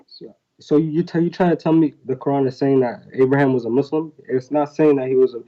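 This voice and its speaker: Male caller, quick and insistent, talks over the host, muffled low-fi sound. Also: warm tone. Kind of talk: debate call-in.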